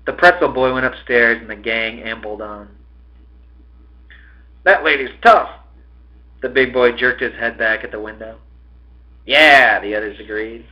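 A man's voice: fairly low pitch, little pitch movement, a little fast, hardly any pauses, highs cut off. A man hosting a podcast, reading a novel aloud with expression and swearing at his own slips.

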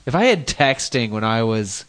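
A man's voice: mid-range voice, sing-song, normal speed, a bit bright. A man co-hosting a podcast in casual comedic chat, crude and bantering, often laughing. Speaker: podcast co-host.

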